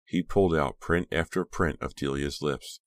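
Audiobook narrator: deep-voiced man, steady and measured, dry booth sound. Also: no echo. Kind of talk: scripted narration.

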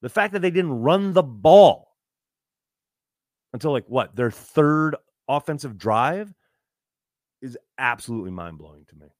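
Man, exasperated, swearing, lively pitch, dry close mic, fan podcast host. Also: measured pace, pauses often, dry recording. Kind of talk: live fan podcast rant.

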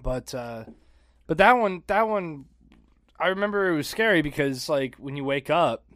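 A man's voice: a little high, normal speed, no room sound, studio quality. Easygoing man in casual podcast chat. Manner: relaxed, brief reactions, laughs easily. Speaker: podcast co-host.

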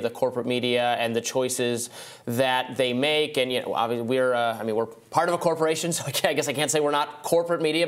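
A man hosting a political show, asking long questions in a measured, hesitant way with many fillers. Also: mid-range voice. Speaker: host. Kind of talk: interview questions.

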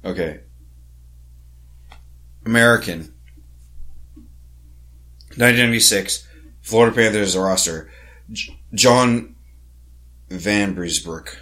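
A man with a low, deep voice chats loosely on a sports podcast. He rambles, swears freely and stumbles through a list of player names. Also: slow, pauses often, sharp tone. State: has the hiccups. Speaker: podcast co-host. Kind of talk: casual sports podcast chat.

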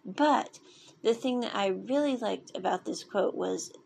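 A woman's voice: medium pitch, unhurried, gravelly, a little mellow, slight background noise. A woman casually recapping a story, rambling and digressive with many fillers and restarts. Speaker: show recapper.

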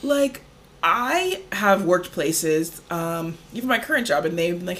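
A woman's voice: fairly low pitch, big pitch swings, measured pace, fairly bright tone, a little hiss or hum. A woman co-hosting a podcast in casual chat, talking loosely with lots of fillers and easy laughs. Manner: chatty, many "like" fillers, laughs easily. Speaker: podcast co-host.

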